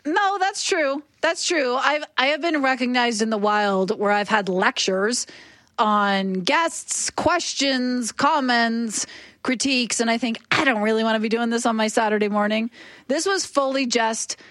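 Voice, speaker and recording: Chatty higher-voiced woman radio host. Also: a little slow, fairly bright tone, no room sound, studio quality. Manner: chatty, self-deprecating, laughs often. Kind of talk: casual radio chat.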